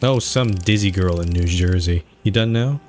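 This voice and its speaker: A man voicing a gruff, rude police sergeant in a shaky put-on Irish accent. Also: low-pitched, normal speed, darkish tone, faint music behind, natural voice. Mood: dismissive.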